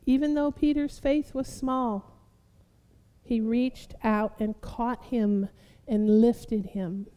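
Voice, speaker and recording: Woman pastor, high voice, unhurried sermon delivery in a reverberant hall. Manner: preaching, building to loud fervent exhortation; addresses listeners as beloved.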